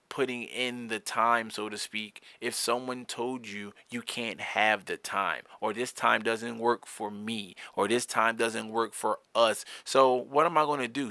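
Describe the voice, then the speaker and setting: A man's voice: mid-range voice, sharp tone, no room sound. A young man hosting a solo podcast, talking candidly in a heated, profane, rambling way with frequent restarts. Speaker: podcast host.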